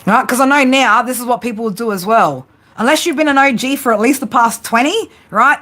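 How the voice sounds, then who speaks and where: A tarot livestream host, she rants at viewers in a blunt, heated, defiant way, swearing heavily throughout. Her voice is on the high side, brisk and sharp.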